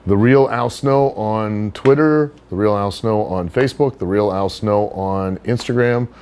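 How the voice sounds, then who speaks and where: A middle-aged man, a wrestler, chatting as a podcast guest, blunt and profane, telling animated stories. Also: lowish voice, measured pace. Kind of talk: casual chat, storytelling.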